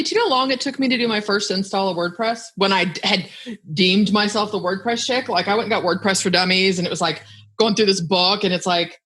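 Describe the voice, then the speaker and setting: A woman's voice: medium pitch, a bit bright, husky. A woman guest on a podcast, talking frankly and emphatically about her work in a casual chat. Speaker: podcast guest, content creator.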